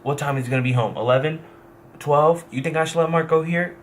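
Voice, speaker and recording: A man's voice: a little high, fast, slight background noise, voice pushed up, natural voice. A young man imitating his overprotective mother, who anxiously asks one question after another. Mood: fretting. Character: overprotective fretting middle-aged mother.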